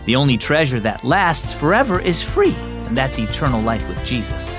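A man's voice: medium pitch, big pitch swings, music in the background. Friendly male kids' show host. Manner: friendly, clear, measured. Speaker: host of a children's devotional program. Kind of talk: scripted narration for kids.

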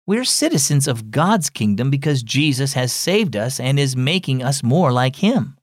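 A man voicing a caring mother who is gentle but firm, in a children's storybook reading. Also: mid-range voice, very animated, normal speed, dry recording, studio quality. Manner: soothing, firm.

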